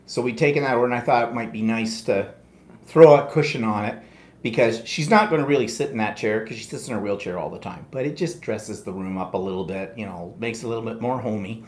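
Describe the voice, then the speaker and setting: A man's voice: lowish voice, fast, reverberant. A man co-hosting a live quilting stream, telling long rambling stories in a casual chatty way with many asides. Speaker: co-host of a live quilting show.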